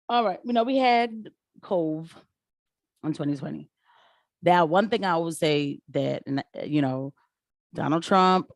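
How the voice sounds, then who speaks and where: A woman giving casual political commentary on her channel, animated and rising in pitch when she gets riled. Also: dry recording, studio quality.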